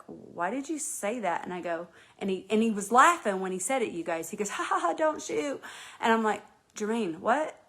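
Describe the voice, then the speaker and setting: A woman from North Carolina hosting a casual live chat, talking earnestly and rambling with many restarts and fillers. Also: medium pitch. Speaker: host.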